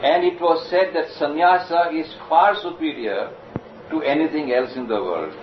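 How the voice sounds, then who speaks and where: A man giving a measured, explanatory scripture lecture and slowly reciting Sanskrit verses. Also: fairly high pitch. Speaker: spiritual lecturer. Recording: distant, roomy, dull lo-fi recording with noise.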